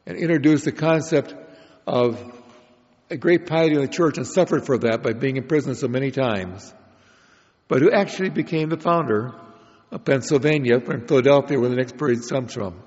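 A man teaches through a prepared Bible lecture, explaining each point in a measured way. His voice sits at an ordinary pitch. The recording is dull and lo-fi, with the long reverb of a large hall. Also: a little mellow. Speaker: Bible study speaker.

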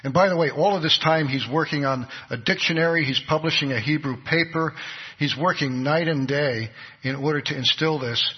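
A man's voice: on the high side, normal speed, husky. A man preaching a sermon, telling a story with earnest delivery and acting out the people in it. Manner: earnest storytelling, voices the people in his stories. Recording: dull recording with long hall reverb.

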